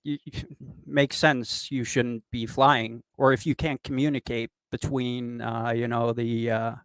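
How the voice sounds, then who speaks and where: A man from Norway with a nearly American accent, chatting casually with frequent pauses and restarts. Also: mid-range voice, level tone, clear, resonant tone, dry recording. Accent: American-sounding English. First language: Norwegian. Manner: hesitant, many "uh"s and restarts. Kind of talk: casual chat.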